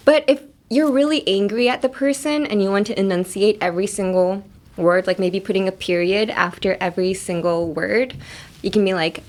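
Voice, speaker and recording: A young American woman hosting a casual language lesson, chatty and quick to laugh, slowing down to spell out sounds. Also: mid-range voice, animated. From United States. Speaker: host.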